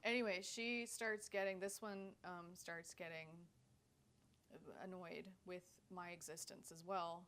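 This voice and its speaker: Podcast co-host, woman, animated storyteller, acts out quotes, casual chat. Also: fairly low pitch, unhurried, a little hiss or hum.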